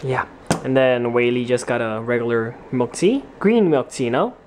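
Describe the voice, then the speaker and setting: A man's voice: mid-range voice, moderate pace, a little hiss or hum. A man chatting casually off camera as the vlogger's partner, offhand and laid-back.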